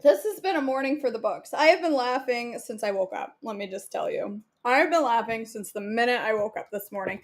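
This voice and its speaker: Woman in her forties, giggly, jokey cooking chatter, fairly high voice. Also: animated, a little fast, hardly any pauses. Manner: giggly, joking, talks to herself. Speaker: cooking vlogger. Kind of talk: casual chat while cooking.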